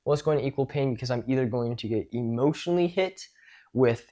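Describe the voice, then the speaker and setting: A man's voice: mid-range voice, fast, warm tone. A man teaching social skills in a casual spoken lecture, talking things through and demonstrating tones of voice.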